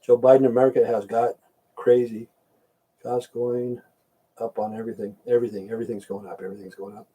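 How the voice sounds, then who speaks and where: Older male streamer, dark mellow voice, cussing, rambling, blunt. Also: mid-range voice, little pitch movement, brisk, breathy edge, distant mic. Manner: blunt, profane, rambling rants. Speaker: livestream host. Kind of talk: casual livestream chat.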